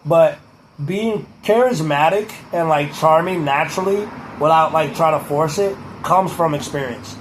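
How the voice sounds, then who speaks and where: High-voiced young man rambling to camera. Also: unhurried, slight background noise, poor audio. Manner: profane, repeats "truly", drifts into a mock-presidential cadence. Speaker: vlogger. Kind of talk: rambling casual monologue to camera.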